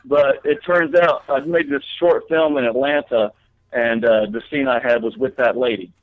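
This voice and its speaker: A man's voice: medium pitch, fairly even intonation, normal speed, no room sound. A man talking as a guest comedian in a casual interview, telling long rambling stories with many fillers and restarts. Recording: tinny phone line.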